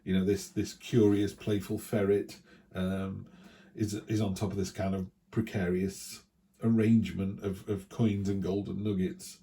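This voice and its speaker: A man's voice: low voice, little pitch movement, measured pace, warm tone. A man giving a casual tarot reading, chatty and thinking aloud with many restarts. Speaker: tarot reader.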